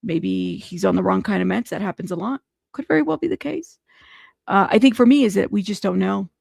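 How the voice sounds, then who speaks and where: A host of a live news show, reacting animatedly and pleading between bursts of laughter. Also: female voice, mid-range voice, lively intonation, fairly quick, vocal fry, a little mellow, slightly rough, no echo, studio quality. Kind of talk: casual commentary.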